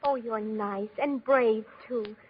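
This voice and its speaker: Sweet earnest young princess, high breathy voice, echoey muffled old radio. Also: female voice, takes it slowly. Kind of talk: 1940s radio acting.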